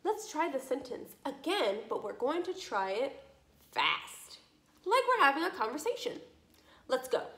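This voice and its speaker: Woman, high animated voice, encouraging speech lesson for kids, echoey room. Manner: slow, encouraging, drawn-out modeling of sounds. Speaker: speech therapist. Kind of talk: speech practice lesson for children.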